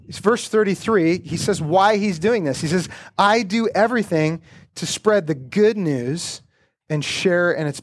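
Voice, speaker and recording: Preaching in a relaxed, conversational style, a male pastor with a fairly high voice often repeats words as he begins a thought.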